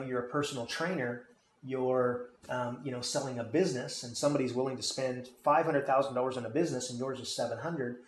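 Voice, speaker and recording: A man teaches selling in an emphatic, coaching manner, often pausing to check that his listener is following. His voice sits at an ordinary middle pitch. The recording is roomy and echoey, with a faint noise underneath. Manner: emphatic, keeps checking in with "okay?" and "right?". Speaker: sales and marketing coach. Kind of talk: instructional talk on selling.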